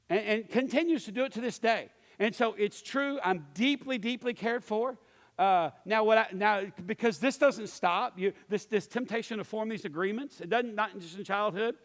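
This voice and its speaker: A man in his fifties with a high voice and a drawl, delivering a folksy sermon to a church. He tells stories and acts out the people in them with lively voices. His voice rings with a long reverb in a large sanctuary. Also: fairly quick. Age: 50s. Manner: folksy storytelling with animated acted-out quotes. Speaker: pastor.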